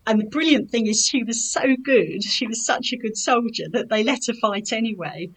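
A woman's voice: fairly high pitch, moderate pace, low-quality recording. A woman poet in a casual chat about her writing, talking hesitantly with many fillers. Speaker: poet and author.

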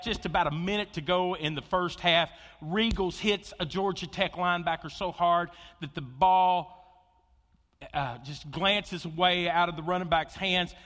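A man preaching a sermon, telling stories with big swings between loud excitement and hushed intensity. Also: fairly high pitch. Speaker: pastor. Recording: long hall reverb.

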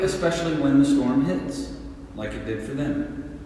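A man preaching a sermon as pastor, deliberate and full of rhetorical questions and repeated words. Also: mid-range voice, dark tone, a little hiss or hum. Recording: echoey hall from a distant mic.

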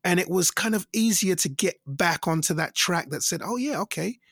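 A middle-aged man telling stories in a casual interview, animated and acting out the voices of people he quotes. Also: moderate pace, no room sound, studio quality. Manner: animated, acts out quoted voices with big pitch jumps. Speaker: singer and interview guest.

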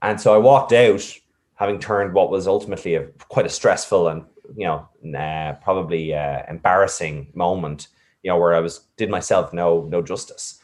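A man's voice: low voice, steady tone, normal speed, darkish tone. A man reflectively telling a personal story, with many fillers and restarts. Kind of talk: casual storytelling.

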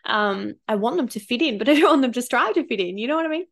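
Candid swearing mum. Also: female voice, a little high, lively intonation, fast talker, a bit bright. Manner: candid, swears freely, emotional. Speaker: parenting coach. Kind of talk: casual storytelling vlog.

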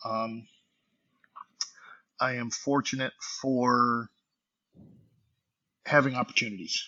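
A man's voice: medium pitch, steady tone, slow, bright, forceful tone, dull audio. A man, a musician being interviewed, talking reflectively and hesitantly with many fillers. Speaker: guest musician. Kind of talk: casual interview answers.

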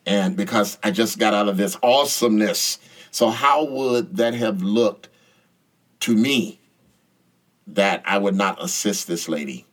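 A man's voice: on the low side, measured pace. A man hosting a faith talk show, speaking earnestly in a preacherly way and addressing the audience directly. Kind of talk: casual faith talk, teaching.

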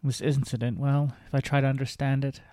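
Earnest male host reading his memoir, even delivery, dry close sound. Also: mid-range voice, fairly quick, dry recording. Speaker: podcast host.

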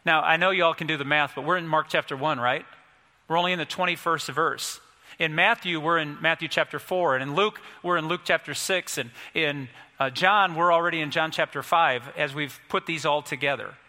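A pastor preaches in a conversational, folksy way, his voice bright and a little high. A long reverb hangs after his words in a large church room. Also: brisk. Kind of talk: sermon.

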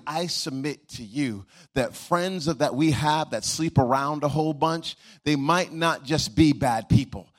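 A male pastor giving a sermon with humorous asides, repeating key words, and rising into a sung, chanting preaching cadence. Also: medium pitch.

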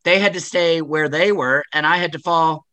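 A male host with a bright, forceful tone talks earnestly in a casual interview. His voice is close and dry, with a measured, reflective delivery. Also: a little high, no echo. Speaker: podcast host.

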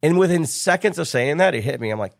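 His voice sits on the high side and is creaky, moving at a quick pace. A middle-aged American business coach and podcast guest, he tells a story conversationally and animatedly performs the voices of its characters. The studio-quality audio has no room sound.

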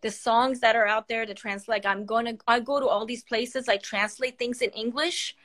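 A woman's voice: a little high, fairly even intonation, moderate pace, fairly bright tone. A woman physician from Iran, speaking earnestly and with passion in a live-stream chat while holding back tears, with many fillers and restarts. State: tearful, holding back crying. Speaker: palliative care physician and podcaster, guest. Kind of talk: emotional live-stream conversation.

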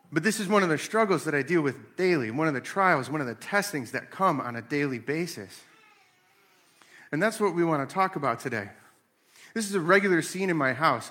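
Bright-voiced man in his thirties. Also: a little high. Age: 30s. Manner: animated storytelling with acted-out voices. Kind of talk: casual faith talk.

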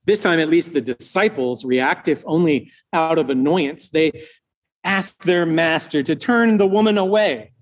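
A male preacher retelling a scripture story as a slow, dramatic sermon with long pauses. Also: on the high side, animated.

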